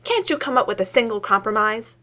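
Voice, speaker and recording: A woman doing a gruff weary male boss. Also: fairly high pitch, animated, a little fast, bright, forceful tone. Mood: exasperated.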